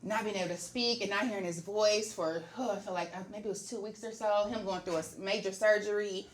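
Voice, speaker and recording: A woman's voice: mid-range voice, fairly even intonation, fairly quick, slight background noise. A woman, a podcast guest telling her family story in an earnest, emotional way. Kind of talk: casual chat.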